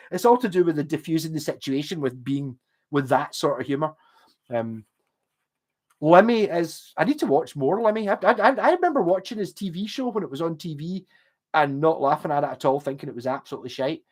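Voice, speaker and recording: Man, posh glasgow accent, slightly high voice, rambling livestream chat, swears a lot. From Scotland. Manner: chatty, swears, wanders between stories. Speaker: livestream host.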